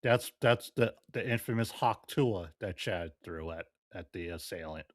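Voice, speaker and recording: A man's voice: low voice, measured pace, dry recording, clean studio sound. A man hosting a livestream, making wry asides and thanking viewers. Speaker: livestream host. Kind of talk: livestream commentary.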